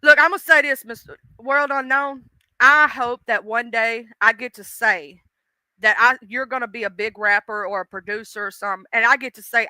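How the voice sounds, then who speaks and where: Bright, animated woman live-streaming. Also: fairly high pitch, moderate pace, clean tone, no echo. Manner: animated, chatty, drawls and curses casually. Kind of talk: casual live-stream chat.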